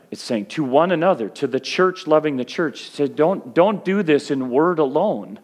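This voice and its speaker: A middle-aged male pastor preaching a sermon in a conversational way that rises to fervent peaks. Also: a little high.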